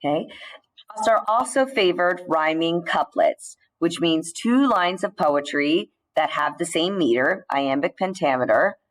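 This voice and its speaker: In this recorded slideshow lesson, a woman explains things steadily, now and then using a filler word or starting over. She speaks at a fairly low pitch over weak audio.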